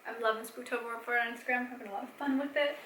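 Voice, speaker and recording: A young adult woman chatting casually in a home vlog, rambling with fillers and soft laughs, a bit tired. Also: a little high, fairly even intonation, racing, roomy sound, a little hiss or hum, rough recording. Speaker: vlogger and mom. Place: home, indoors.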